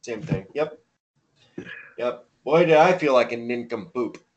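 A man's voice: mid-range voice, animated, measured pace, muffled recording. A young man co-hosting a casual podcast, joking at his own expense and swearing freely. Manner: self-deprecating, profane, joking. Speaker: podcast co-host. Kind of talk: casual crude podcast banter.

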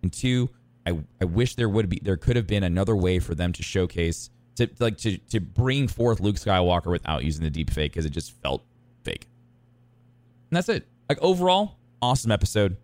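A man chats casually as a podcast co-host, excitable and rambling, tripping over his own restarts. His pitch swings widely as he talks. The sound is close and dry. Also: normal speed, no room sound. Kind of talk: casual chat.

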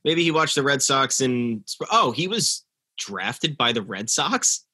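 A man's voice: mid-range voice, sing-song, takes it slowly, pushed and bright, husky. A man co-hosting a sports podcast, laid-back and sardonic, chuckling as he chats. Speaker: podcast co-host. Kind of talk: casual sports podcast chat.

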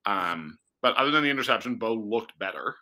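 A man's voice: fairly low pitch, animated, fairly quick, sharp tone, rough recording. A man who works as a sports reporter, chatting casually about football and thinking aloud with fillers and restarts.

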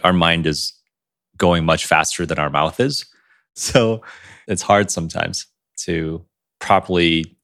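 A man co-hosting a podcast in casual chat, animated and quick to laugh. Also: low voice, gravelly, dry recording, clean studio sound. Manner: animated, laughs often, words tumbling fast. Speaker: podcast co-host.

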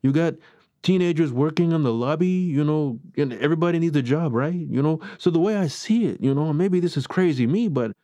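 A man's voice: on the high side, fairly quick, dark tone, no echo, close to an everyday voice. A man putting on a New York accent to play an opinionated New Yorker ranting with rhetorical questions. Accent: put-on New York accent.

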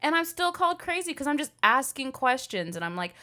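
A young woman co-hosting a casual chat, blunt and animated, swearing freely. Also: sits high, a little fast, few pauses.

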